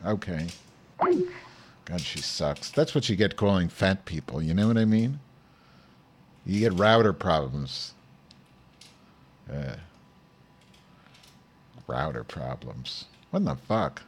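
A man's voice: low-pitched, lively intonation, slow pace, pauses often, a little hiss or hum. A man hosting a live show, rambling crudely to himself while testing his lavalier and stand microphones. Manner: crude, profane, self-talking. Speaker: show host. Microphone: lavalier and stand mic.

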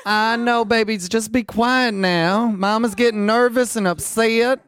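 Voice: mid-range voice, steady tone, unhurried, fairly bright tone, clear, resonant tone, close to an everyday voice. Someone doing a drawly hillbilly mama, sweet-talks the kids then cusses. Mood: coaxing. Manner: drawling, coaxing, then cursing. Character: neglectful drunk hillbilly mother.

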